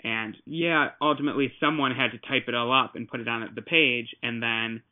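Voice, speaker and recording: A man's voice: mid-range voice, steady tone, fairly quick. A man co-hosting a casual podcast chat, explaining at length with many restarts. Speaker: podcast co-host. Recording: tinny phone-like line.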